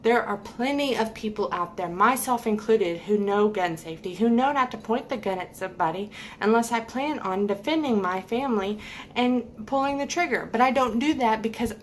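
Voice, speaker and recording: A woman's voice: a little high, normal speed, a little hiss or hum. A woman giving a heated, emphatic opinion rant to camera, repeating points for stress. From United States. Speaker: vlogger.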